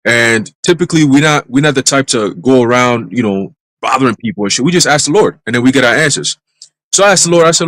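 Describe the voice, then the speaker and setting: Fast-talking man with a dry, close sound. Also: mid-range voice, lively intonation, a bit bright, dry recording, rough recording. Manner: brisk storytelling full of street slang and profanity. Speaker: church minister. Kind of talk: casual testimony in a live church stream.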